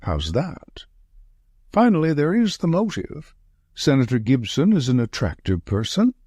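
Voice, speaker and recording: A shrewd, dry-witted Victorian detective, read by a man in an audiobook, who weighs each point with wry emphasis. The voice rises and falls in a lively way, with a husky edge. It sounds close and dry. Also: medium pitch, a little slow, dry recording, heavily acted. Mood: musing. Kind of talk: audiobook reading.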